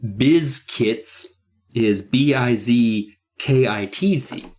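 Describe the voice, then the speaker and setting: A man's voice: medium pitch, drawn-out words, a little mellow. A man co-hosting a podcast, recapping a book in casual chat with a sarcastic, profane edge. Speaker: podcast co-host.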